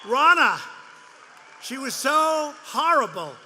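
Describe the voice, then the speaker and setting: A man's voice: very high-pitched, sing-song, slow pace, bright, forceful tone, a faint crowd. A man giving a rambling, repetitive campaign rally speech to supporters, mocking and boastful. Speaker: politician addressing supporters. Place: large indoor rally venue. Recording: long hall reverb, faint background noise.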